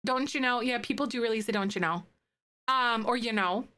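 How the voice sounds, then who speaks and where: Bubbly Midwestern woman streamer, bright voice. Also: fairly high pitch, steady tone, quick pace, smooth. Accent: Midwestern American (Wisconsin). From northern Wisconsin, US. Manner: bubbly, laughs often, chats with viewers. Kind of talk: casual live-stream chat while building.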